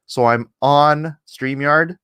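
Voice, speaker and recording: A man hosting a casual livestream, chuckling often and reading chat aloud, a little hoarse after coughing. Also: on the high side, takes it slowly, fairly bright tone. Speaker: livestream host.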